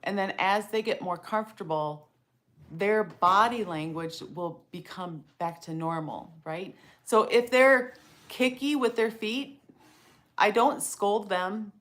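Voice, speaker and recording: A middle-aged woman co-hosting a casual live talk about donkey training, chatty and quick to laugh. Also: medium pitch. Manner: warm, chatty, laughs often.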